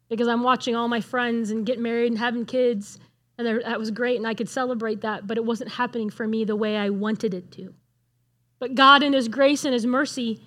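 Bright-voiced woman preaching warmly. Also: a little high. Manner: earnest, conversational, asks the room questions. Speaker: speaker at a church gathering. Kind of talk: sermon.

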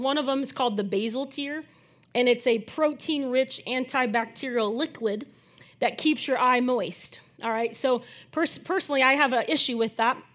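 A woman's voice: on the high side, fairly bright tone. A middle-aged woman pastor giving a sermon in an earnest, conversational way, often checking in with her listeners. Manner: conversational, earnest, frequent tag questions.

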